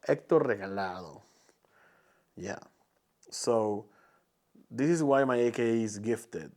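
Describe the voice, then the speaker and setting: Slow-talking Peruvian man, halting. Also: on the low side. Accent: Peruvian Spanish. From Peru. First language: Spanish. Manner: halting, searching for words, many restarts and fillers. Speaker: podcast host. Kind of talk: casual solo podcast monologue.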